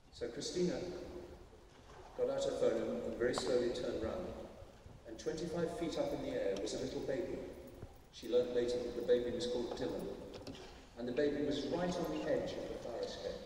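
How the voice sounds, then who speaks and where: A man's voice: mid-range voice, a little fast, distant mic, background noise. Man speaking in an echoey hall. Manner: conversational, addresses audience directly. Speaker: conference speaker. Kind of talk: conference talk with storytelling. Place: large conference hall.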